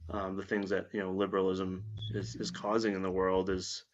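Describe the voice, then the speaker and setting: A man's voice: deep voice, completely flat delivery, normal speed, slight background noise. A man chatting as a podcast guest, blunt, opinionated and given to swearing. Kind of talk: casual podcast chat. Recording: dull lo-fi sound.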